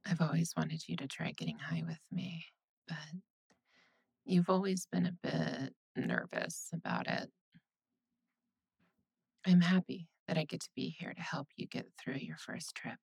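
A woman voicing a caring, teasing young girlfriend in a whispered role-play, soothing and reassuring with soft laughs. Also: low voice, wildly swooping pitch, a little slow, creaky, pauses often, husky, exaggerated voice.

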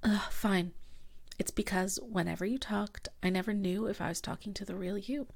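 A woman's voice: medium pitch, fairly even intonation, normal speed, gravelly, darkish tone. A young woman playing a bitter ex-girlfriend in an audio role-play, confronting the listener bluntly and swearing freely.

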